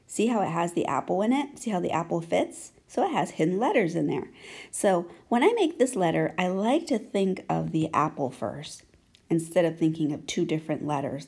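A woman teaching young children to write letters, speaking gently and encouragingly and often asking if they can see. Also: sits low, gravelly, husky. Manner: gentle, slow and encouraging, asking many check questions. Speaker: handwriting teacher. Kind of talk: children's handwriting lesson.

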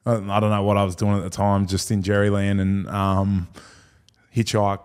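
A man's voice: fairly low pitch, monotone, moderate pace, a little mellow, clean tone. A man in his thirties with an Australian accent, a guest telling rambling, slangy stories and laughing through them. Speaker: guest, former rugby league player. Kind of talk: casual storytelling chat.

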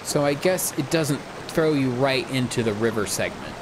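A man streaming a game, rambling chattily about it and now and then jumping into squeaky joke voices. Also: lively intonation, normal speed, noisy background. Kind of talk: casual gameplay commentary.

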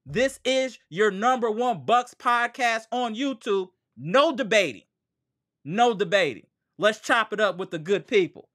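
Guy hosting a live hoops fan stream, bright voice, ranting and slangy, swings loud and low. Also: lively intonation, measured pace. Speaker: sports podcast host.

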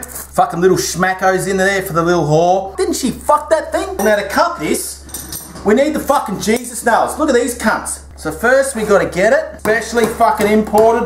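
A man with an Australian accent hosting a crude comedic cooking show, brash and swearing constantly as he cooks in a home kitchen. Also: high voice. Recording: echoey room with faint noise.

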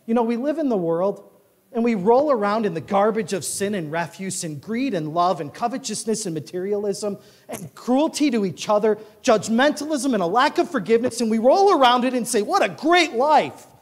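A male pastor preaching a sermon, reading scripture with force and dropping to a quiet storytelling voice. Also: sits high, animated, brisk. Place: church sanctuary. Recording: echoey church sanctuary reverb.

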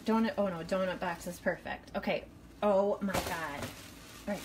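A woman's voice: lowish voice, normal speed, a little hiss or hum. A frightened woman in her home kitchen, talking to viewers in a panicky, exclaiming way. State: frightened, shaky. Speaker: vlogger. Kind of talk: casual live video.

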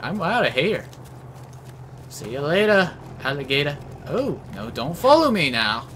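A man giving live commentary while playing a shooter game, excitable, yelling at enemies and trading mild minced oaths. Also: on the high side, a little slow. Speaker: gameplay commentator. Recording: game noise clearly behind voice.

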